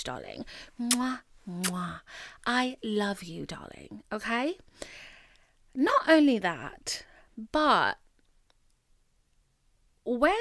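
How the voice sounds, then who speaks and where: A woman's voice: mid-range voice, no echo, studio quality. A woman hosting a podcast, talking straight to her listeners in a candid, playful way, swearing freely and sometimes dropping into whispery asides. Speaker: podcast host. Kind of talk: casual monologue to listeners.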